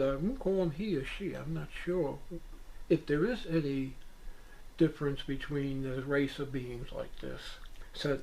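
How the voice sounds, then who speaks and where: Man, higher-pitched voice, interviewee, earnest, rambling, hesitant restarts. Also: a little slow, gravelly, a little mellow, low-quality recording. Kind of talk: rambling first-person account. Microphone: VHS interview recording.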